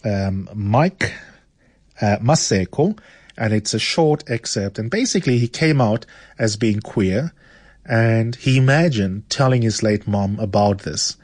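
A man's voice: lowish voice, measured pace, a little mellow, no echo, studio quality. A man hosting a radio literature segment, talking conversationally with hesitant fillers between excerpts. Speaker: radio show host.

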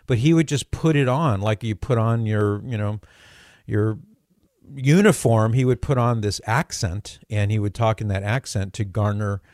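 A middle-aged man hosts a talk show in a low voice, swapping anecdotes in a chatty way with halting restarts. The sound is dry and close, with no room around it. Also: darkish tone, no echo. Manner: chatty storyteller with hesitant restarts and chuckles. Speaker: radio talk show host. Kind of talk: casual talk radio chat.

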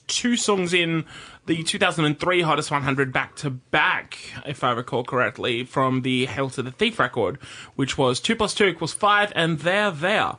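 A man's voice: fairly high pitch, bright, forceful tone. A man co-hosting a casual music podcast, recalling music with enthusiasm. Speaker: podcast co-host. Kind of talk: casual chat about music.

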